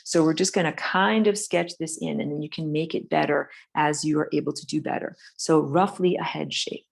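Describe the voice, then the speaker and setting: A woman's voice: low voice, fairly even intonation, moderate pace, gravelly. A woman teaching a casual drawing lesson from her home studio, talking loosely with many fillers while she sketches. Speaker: art and spirituality teacher. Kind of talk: live-streamed drawing lesson. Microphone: phone camera.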